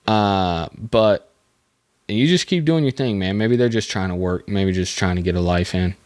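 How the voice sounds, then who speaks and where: A man's voice: low voice, moderate pace, a little mellow. A young man hosting a solo podcast, rambling and joking at his own expense, full of fillers and restarts. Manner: rambling, self-mocking, lots of fillers. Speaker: podcast host. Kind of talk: casual solo podcast monologue. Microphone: desk microphone.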